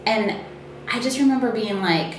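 A woman's voice: a little high, normal speed. A woman tells stories with animation, acting out the voices in them. She sounds distant from the microphone in a strongly echoing room. Faint noise sits underneath. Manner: animated storyteller, acts out dialogue. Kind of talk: casual chat, storytelling. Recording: very echoey, distant from mic.

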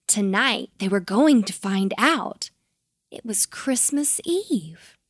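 Slow expressive woman storyteller. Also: medium pitch, dry recording, clean studio sound. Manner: gentle, expressive. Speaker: narrator. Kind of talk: bedtime story narration.

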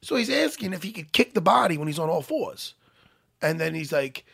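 A man co-hosting a casual talk show, telling animated, profane stories. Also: fairly high pitch, brisk, creaky, husky, dry recording, clean studio sound. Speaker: podcast co-host. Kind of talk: casual chat.

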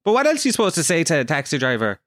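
An Irish man hosting a podcast, telling animated comic stories with plenty of swearing. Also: fairly high pitch, rapid-fire, no echo, clean studio sound. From Ireland. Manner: animated storytelling, swears a lot, acts out quotes. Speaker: podcast host. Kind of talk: casual comedic monologue.

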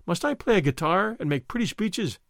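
A man's voice: sits high, lively intonation, brisk, creaky, a bit bright, no echo, clean studio sound, heavily acted. A man doing a lazy drawling nobleman. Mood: languid. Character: languid idle young nobleman, averse to effort.

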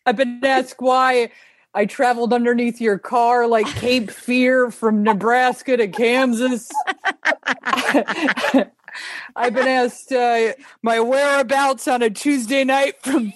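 A woman's voice: on the high side, steady tone, slow, no room sound. A woman co-hosting a podcast, joking in casual chat. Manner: joking, laughs between lines. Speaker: podcast co-host.

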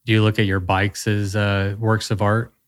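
Low-voiced male interviewer. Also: flat delivery, moderate pace. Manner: encouraging, sums up the guest's points. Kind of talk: casual interview.

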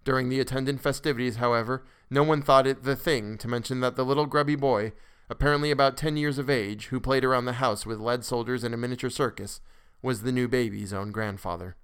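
A man narrating a classic story for a podcast in a measured way, with occasional restarts. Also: mid-range voice, steady tone, a bit bright, clear, resonant tone.

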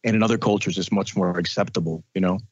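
A man who is a radio and podcast host, talking casually in an interview and telling animated stories. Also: low-pitched, fast, dry recording, muffled recording. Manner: animated storytelling, mimics relatives.

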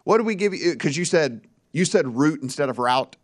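A man's voice: fairly high pitch, expressive, fairly quick, no room sound, studio quality. A man co-hosting a sports betting show, talking casually and playfully with frequent restarts.

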